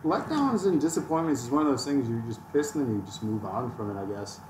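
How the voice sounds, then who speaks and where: A man on a gaming podcast rants about gaming with self-mocking jokes. His voice sits at a middle pitch. He is picked up from a distance in a roomy space with a little hiss behind. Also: sing-song, quick pace, darkish tone. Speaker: podcast host. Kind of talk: casual chat. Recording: echoey room, distant mic, faint noise.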